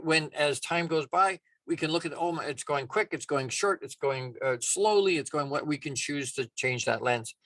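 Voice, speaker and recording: A man's voice: on the high side, fairly bright tone, no echo. A man giving a motivational talk as a life coach, casual and emphatic, often restarting his sentences.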